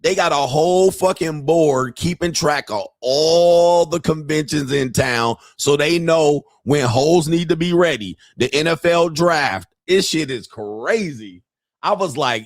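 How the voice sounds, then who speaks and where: A man's voice: medium pitch, lively intonation, measured pace, no room sound. A man hosting a casual livestream, reading out chat messages and talking in a crude, blunt, joking way. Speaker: podcast host.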